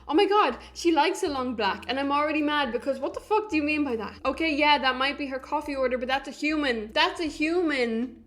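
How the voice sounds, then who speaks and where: Woman reacting to a reality show, blunt and opinionated, swears a lot, slightly high voice. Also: brisk, few pauses, fairly bright tone. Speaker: reaction channel host. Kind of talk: casual reaction commentary.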